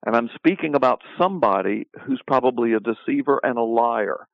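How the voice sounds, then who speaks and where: A man's voice: medium pitch, brisk, creaky, no room sound. Emphatic preaching man on a phone line. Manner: emphatic, repetitive, builds lists. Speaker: author and Bible teacher. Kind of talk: preaching-style interview answer. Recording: phone-line sound, dry.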